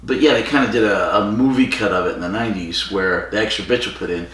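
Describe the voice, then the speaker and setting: A man's voice: fairly low pitch, fast, a bit bright. A man co-hosting a podcast, casually retelling a story with fillers and quoted lines. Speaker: podcast co-host. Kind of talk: casual chat. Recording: echoey room from far off.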